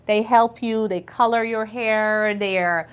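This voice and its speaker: A woman's voice: mid-range voice, steady tone, takes it slowly, clean tone. A woman teaching an online English conversation class, patiently spelling out words and drilling pronunciation.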